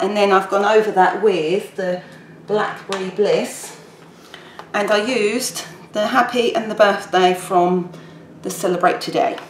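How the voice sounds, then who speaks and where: A woman chatting casually as she demonstrates a papercraft project, rambling while she works. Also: medium pitch. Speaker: papercraft tutor. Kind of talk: casual crafting tutorial. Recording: echoey room with faint background noise.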